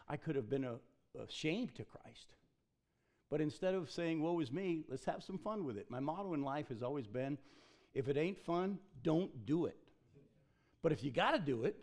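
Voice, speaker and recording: A man's voice: a little high, animated, moderate pace, a little mellow. A middle-aged male pastor delivering a sermon with a slightly raised voice. He talks in a folksy way, drops jokes and casual asides, and reads scripture aloud between them.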